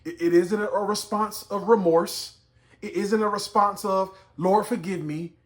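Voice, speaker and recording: A man's voice: high voice, fairly even intonation, measured pace, a bit bright. A man teaching a Bible story in a conversational way, building to emphatic outbursts. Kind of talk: explaining scripture to camera.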